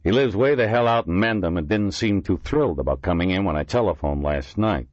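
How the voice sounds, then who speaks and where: A man's voice: deep voice, expressive, fairly quick, no room sound. A man voicing an irritable, blunt male police lieutenant in an audiobook reading. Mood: impatient. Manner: gruff, blunt. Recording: dull lo-fi dry recording.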